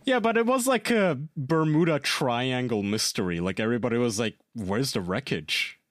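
A man co-hosting a casual podcast, telling animated stories, swearing freely and laughing at his own tales. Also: mid-range voice, a little fast, dry recording, studio quality. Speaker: podcast co-host. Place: lives in Germany.

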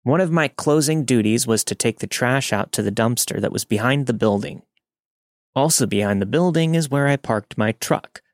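A man narrating a first-person story in a steady, matter-of-fact way. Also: mid-range voice, moderate pace, no echo, studio quality.

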